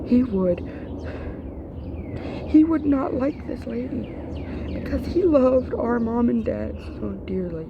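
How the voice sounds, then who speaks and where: A woman's voice: fairly high pitch, moderate pace, creaky, highs cut off, noisy background. A young woman ranting to camera, upset and grieving, her voice breaking and dropping to whispers. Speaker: vlogger. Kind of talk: emotional rant to camera.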